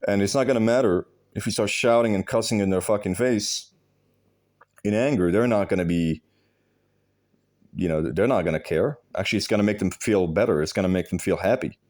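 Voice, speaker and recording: This advice-giving video host speaks fairly quickly in a lowish, darkish voice. He addresses viewers directly, bluntly and emphatically, cursing freely and repeating phrases to hit them hard.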